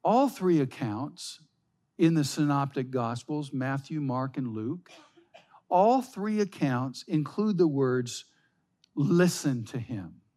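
A man preaching a sermon, slow and emphatic, reading scripture aloud. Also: medium pitch, animated, warm tone. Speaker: pastor.

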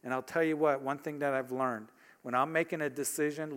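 A man's voice: a little high, fairly even intonation, brisk, a bit bright. A man preaching a sermon as pastor, talking conversationally and asking his congregation rhetorical questions.

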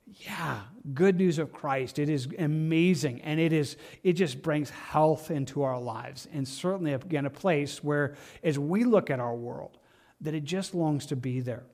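A man's voice: fairly high pitch, measured pace, darkish tone. A man teaching a Bible study as a pastor, talking in a conversational way with frequent restarts.

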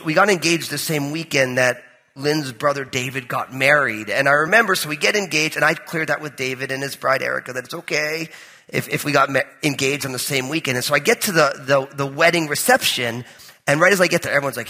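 A high, bright male pastor from New with a husky edge, preaching in a conversational, joking storyteller's manner. His voice rings out with a long reverb in a large church hall. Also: quick pace. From New Jersey. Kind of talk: sermon with personal storytelling.

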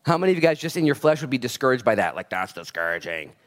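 A man preaching a casual, conversational sermon, animated and joking as he acts out the voices of people in his stories. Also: fairly high pitch, rapid-fire. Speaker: pastor.

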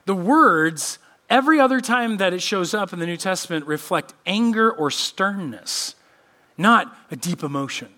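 A man preaching a sermon as pastor, reading scripture and acting out quoted voices with expressive delivery. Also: high-pitched, moderate pace. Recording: church podcast sermon.

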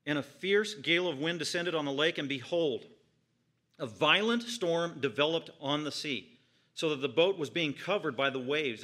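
A man's voice: a little high, a bit bright. A man preaching an expository sermon in church, reading scripture aloud and then explaining it with rising emphasis. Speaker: pastor.

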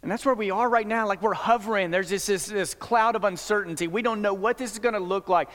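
A man with a fairly high voice preaches a sermon in an easy, conversational way, often restarting a phrase before pressing on. His words ring out with the long reverb of a large hall. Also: quick pace, fairly bright tone. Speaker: pastor.

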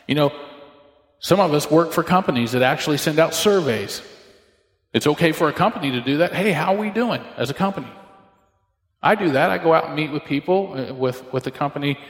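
A male pastor preaching a sermon, telling stories and acting out the dialogue in different voices. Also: on the high side. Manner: storytelling, acts out dialogue with shifting voices. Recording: echoey hall with long reverb.

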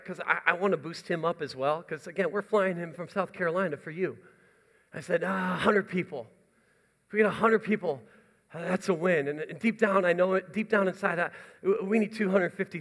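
A young man speaks as a pastor from the front of a church, running through announcements with eager, rambling energy. His voice sits high for a man, and it carries a long reverb from the large hall. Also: a bit bright. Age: young adult. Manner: enthusiastic, chatty and rambling with restarts. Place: church sanctuary.

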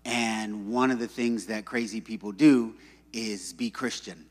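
A man's voice: lowish voice, fairly even intonation, a little slow. A man preaching a sermon in a church, in a conversational, joking storyteller manner. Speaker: pastor. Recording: long reverb in a hall.

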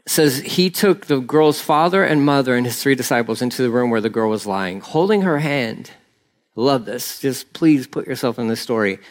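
A man preaching a sermon, retelling a Bible story in a loose, animated way and acting out the people's lines with rambling asides. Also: mid-range voice. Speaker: pastor.

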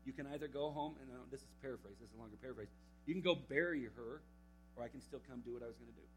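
A young man giving a camp sermon to teenagers, telling a Bible story with lively acted-out quotes. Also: medium pitch, very fast, faint music behind, rough recording. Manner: animated storytelling, acting out quotes. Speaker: camp speaker. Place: camp meeting hall.

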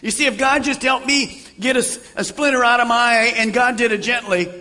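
An older man preaching a sermon as pastor, acting out little conversations and swinging from loud, emphatic lines to hushed, intimate ones. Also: very high voice, a little fast.

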